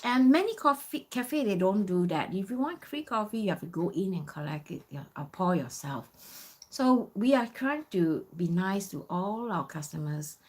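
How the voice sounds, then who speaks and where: A woman's voice: medium pitch, lively intonation, moderate pace, slightly rough. A woman in her fifties from Singapore, casually telling a story with many "you know" fillers. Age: 50s. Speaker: vlogger.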